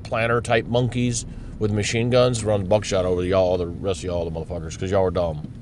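A man giving a blunt, profane, rambling monologue while driving his car. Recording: car road noise behind. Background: road rumble.

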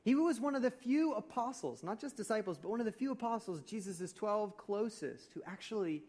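A man, a pastor, preaching a conversational sermon in a church, telling stories with humor and swinging between loud and soft. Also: high-pitched, lively intonation, a little fast.

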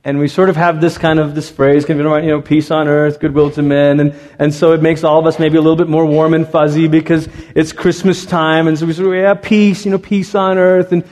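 Conversational pastor in a reverberant hall. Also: male voice, on the high side, little pitch movement, brisk, hardly any pauses, darkish tone. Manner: conversational, with frequent restarts and stumbles. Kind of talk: sermon. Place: church sanctuary. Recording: long reverb of a church hall.

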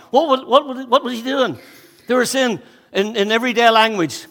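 A man's voice: extremely high pitch, brisk, fairly bright tone, in a large hall. A man preaching a sermon with energy and a chatty way of talking, slightly out of breath, with jokes and asides to the congregation. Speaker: pastor.

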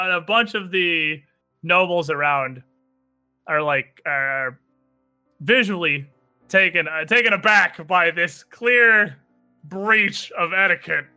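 A man narrating as game master of a tabletop role-playing game, in an animated, descriptive storytelling manner. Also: on the high side.

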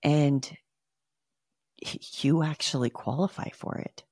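An earnest woman in her thirties shares a personal story and gets emotional as she speaks. Her voice sits low and has a gravelly edge. The recording is dry and close. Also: steady tone, slow pace, dark tone, dry recording. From Utah. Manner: emotional, earnest, addresses listeners as guys. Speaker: podcast host.

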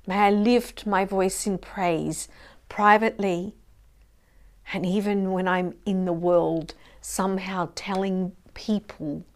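A woman co-leading a ministry, speaking slowly and tenderly in a reflective prayer talk, often dropping to a whisper. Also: mid-range voice. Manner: soft, slow and heartfelt, often sinking to a whisper.

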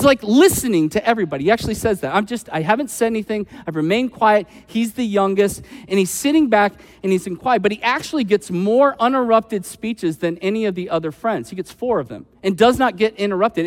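A man preaching a sermon as pastor, conversational and animated, acting out quoted voices with frequent asides. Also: high voice, long reverb tail.

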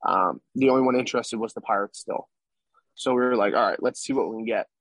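Husky young man telling a story. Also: fairly low pitch, fast, a bit bright, dry recording. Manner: rambling, tag questions like "right?". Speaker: podcast guest, baseball player. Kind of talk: casual storytelling interview.

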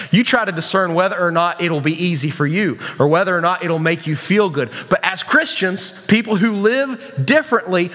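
A high-voiced man preaches to young people in a casual, joking way, often asking the crowd questions. His voice carries a long reverb from a church hall. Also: fairly bright tone. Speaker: youth pastor. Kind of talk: sermon.

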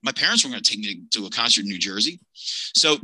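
A man in his fifties from Pennsylvania, a podcast guest telling a personal story with animated energy, acting out the people in it. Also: fairly low pitch, fast talker, slightly rough, no room sound, low-quality recording.

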